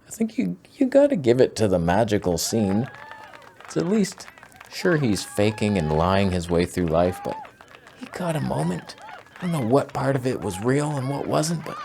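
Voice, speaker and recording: Brief: low-voiced man, sarcastic, exasperated comic ranter roasting photos. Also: vocal fry, darkish tone, slight background noise. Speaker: photography video host. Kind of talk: comedic photo critique rant.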